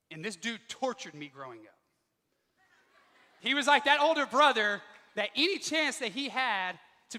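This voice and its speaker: A man giving a motivational speech to students, telling a personal story with lively delivery and acting out the dialogue. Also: extremely high pitch, long reverb tail. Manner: animated, acts out quoted dialogue. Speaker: motivational speaker. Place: school auditorium.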